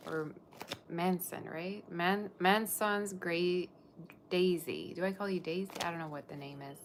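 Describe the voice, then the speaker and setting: A woman's voice: fairly low pitch, steady tone, measured pace, slight background noise. A woman reading tarot on a live stream, gushing over her viewers and chatting loosely between cards. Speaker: tarot reader.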